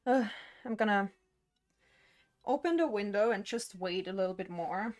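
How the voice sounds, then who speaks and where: A woman's voice: mid-range voice, lively intonation, moderate pace, a little mellow, no room sound, clean studio sound. A young woman streaming live from home, chatting casually and rambling while she paints, with frequent laughs.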